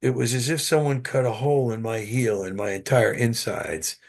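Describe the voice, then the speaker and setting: A man guest, an actor, telling animated stories in an interview with frequent restarts, heard over a video call. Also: medium pitch, normal speed, vocal fry. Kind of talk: interview storytelling.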